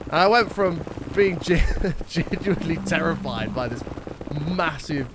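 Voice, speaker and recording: A man's voice: a little high, animated, normal speed, noisy background. Rambling streamer man. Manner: rambling anecdote, frequent swearing. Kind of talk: casual chat to stream audience.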